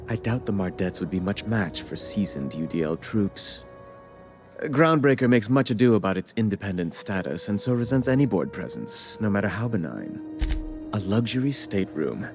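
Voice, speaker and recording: An actor playing a prim, self-pitying corporate official in a video game, speaking in clipped, theatrical formal diction. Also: male voice, on the low side, very animated, moderate pace, music in the background. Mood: fussy. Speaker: corporate board representative. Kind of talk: video game character dialogue.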